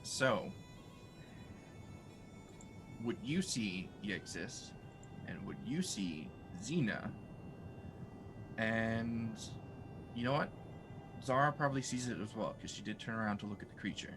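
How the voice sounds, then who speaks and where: Game master, man, low voice, unhurried halting narration, music under it. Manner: relaxed, halting narration with fillers.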